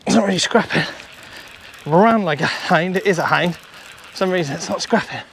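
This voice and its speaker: A British man giving chatty running commentary to viewers while fishing on a beach, excitable and talkative. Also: high-pitched, normal speed, vocal fry, a little hiss or hum. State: out of breath. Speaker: fishing vlogger and coach. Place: outdoors on a beach. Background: faint outdoor ambience.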